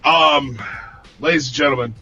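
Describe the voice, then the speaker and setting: A man arguing his side in a podcast debate, halting with ums yet insistent. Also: on the high side, huge pitch swings, vocal fry, sharp tone, highs cut off, soft background music. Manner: hesitant, insistent, lots of um. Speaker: debate guest.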